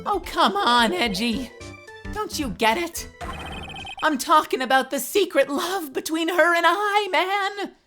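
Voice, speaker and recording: A woman voicing a goofy, lovesick young man who is excitable and whiny, in a dramatic reading of a game. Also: very high voice, a little slow, soft background music, voice pushed up, full character voice.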